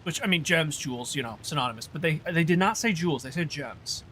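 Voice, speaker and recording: Male streamer, casual rambling chat, bright and slightly high voice. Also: animated, fast, slight background noise. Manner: rambling, chatty, trails off and restarts. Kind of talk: casual livestream chat while gaming.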